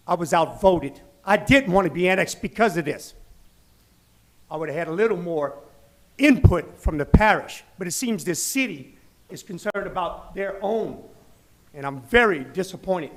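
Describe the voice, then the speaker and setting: Angry high-voiced man. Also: lively intonation, moderate pace. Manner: angry, indignant, rising to loud outbursts. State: shaking with anger. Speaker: business owner speaking at public comment. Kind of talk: public comment at a city council meeting. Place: council chamber.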